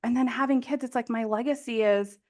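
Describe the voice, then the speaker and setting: Woman, thirties, podcast host, fairly high voice, emotional, rambling, laughs a lot. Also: fairly quick, darkish tone. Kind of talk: casual conversation.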